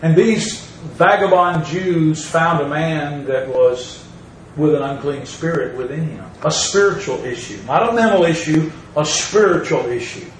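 A man's voice: a little high, a little slow, echoey room, recorded from a distance, a little hiss or hum, rough recording. A man preaching a sermon, reading scripture aloud and driving points home by repeating them. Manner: emphatic, repeats phrases, reads scripture aloud.

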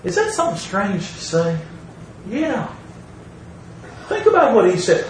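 A man's voice: high voice, big pitch swings, slow pace, echoey room, distant mic, a little hiss or hum, rough recording. A man preaching a sermon, reading scripture aloud and driving points home by repeating them. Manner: emphatic, repeats phrases, reads scripture aloud.

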